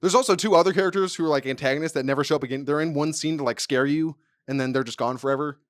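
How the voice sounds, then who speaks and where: A man's voice: a little high, very fast, no room sound, studio quality. A man co-hosting a podcast in casual chat, rambling and swearing as he acts out quotes. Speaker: podcast co-host.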